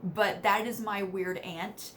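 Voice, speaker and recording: A woman's voice: mid-range voice, takes it slowly, a little hiss or hum. Chatty woman telling family stories. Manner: chatty, laughs between sentences, animated asides. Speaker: vlogger. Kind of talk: casual storytelling to camera.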